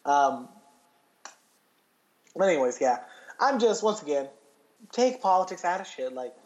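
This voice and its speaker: A man's voice: on the high side, big pitch swings, a little slow, darkish tone, highs cut off. A man co-hosting a casual podcast chat, rambling and swearing with lots of restarts. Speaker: podcast co-host.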